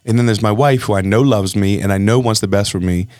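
Speaking fast in a lowish voice, this podcast host sounds animated and candid in a dry, studio-quality recording. He reflects on himself during the casual chat and often performs other people's words in a raised voice.

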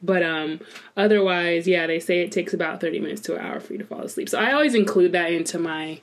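A woman co-hosting a casual podcast chat, talkative and quick to laugh. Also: on the low side. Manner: chatty, laughs often, talks to herself by name.

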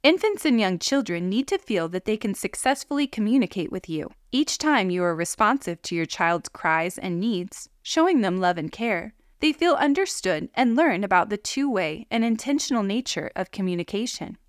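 A woman giving calm, measured scripted narration of parenting guidance. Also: medium pitch, no echo, studio quality. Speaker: parenting educator.

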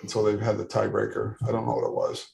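A man co-hosting a casual podcast, chatting in a relaxed, joking way. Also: on the low side, quick pace, vocal fry, low-quality recording. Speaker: podcast co-host. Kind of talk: casual chat.

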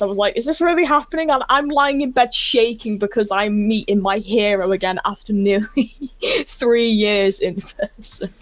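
A woman telling a story as an interview guest, excitable and rambling, often laughing. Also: mid-range voice, dry recording.

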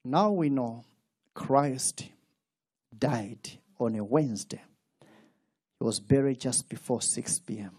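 A man's voice: mid-range voice, slow, pauses often, husky. A man preaching a sermon, calling for responses from the congregation. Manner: animated call-and-response preaching with laughs. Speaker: pastor.

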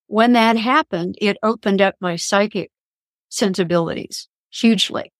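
A woman's voice: mid-range voice, normal speed, no room sound. A woman guest on a podcast interview, telling personal spiritual stories in an earnest, reflective way. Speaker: guest, author and columnist.

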